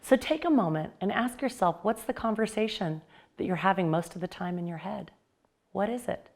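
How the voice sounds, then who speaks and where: A woman's voice: medium pitch, lively intonation, moderate pace, darkish tone. A woman hosting a self-help video, giving an upbeat motivational talk to camera built on personal anecdotes.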